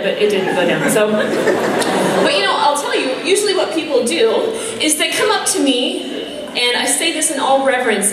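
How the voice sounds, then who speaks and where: Texan nun telling jokes in a big echoey hall. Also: female voice, a little high. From South Texas. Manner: funny, lively storyteller, laughs at her own jokes. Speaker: nun giving a conference talk. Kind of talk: humorous faith talk to a crowd. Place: large conference hall. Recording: echoey hall, speaker far off, crowd noise.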